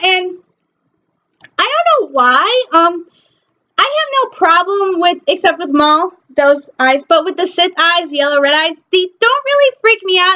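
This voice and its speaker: A woman from Michigan hosting a pop culture news vlog, gushing excitedly about shows with lots of ums. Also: very high voice, unhurried, highs cut off. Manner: gushing, excitable fan talk with many ums. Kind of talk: casual chat.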